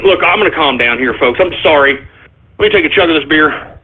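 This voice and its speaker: A man's voice: a little high, lively intonation, fairly quick, slightly rough. A man hosting a live internet radio show, ranting and exasperated, cursing and stammering through restarts as he addresses his listeners as folks. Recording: tinny phone-like internet radio stream.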